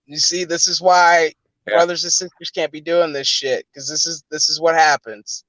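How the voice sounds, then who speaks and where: A man's voice: a little high, little pitch movement, moderate pace, a bit bright, no echo, rough recording. A man chatting casually as a co-host, telling crude stories with lots of swearing and laughter. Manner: profane, laughing storyteller. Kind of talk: casual chat.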